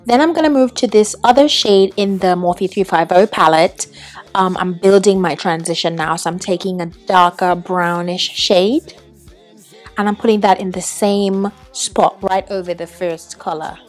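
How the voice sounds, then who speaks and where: A woman's voice: medium pitch, normal speed, soft background music. Young woman in a put-on British accent. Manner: chatty, with some ums and self-corrections. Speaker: makeup tutorial host. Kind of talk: voiceover narration of a makeup tutorial.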